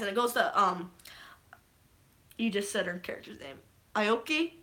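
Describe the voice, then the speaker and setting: A young woman with a bright, clear voice talks fast and loose about a movie she loved. She swears freely, says "um" a lot and jumps into quoted lines as she retells scenes. The tone is casual and eager. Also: mid-range voice. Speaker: vlogger. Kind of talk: casual spoiler recap.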